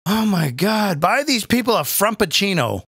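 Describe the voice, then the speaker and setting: A sarcastic man rants as a live comedy host, crude and exasperated. His voice sits high and bright and swings widely, with a close, dry sound. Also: sing-song, normal speed, husky, dry recording.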